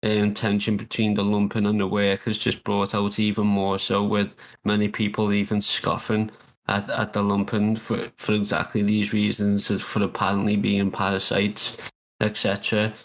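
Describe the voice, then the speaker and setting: A man hosts a loose podcast conversation in a low voice that stays almost completely level. He hesitates often, filling gaps with ums and restarting his phrases. The delivery is measured rather than lively. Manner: hesitant, with filler words and restarts. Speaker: podcast host. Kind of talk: unscripted podcast discussion.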